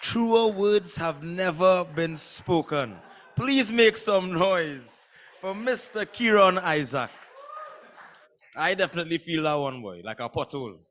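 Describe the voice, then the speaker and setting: A man's voice: fairly high pitch, expressive, measured pace, fairly bright tone. A man hosting a poetry slam and hyping up the audience energetically. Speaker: event host.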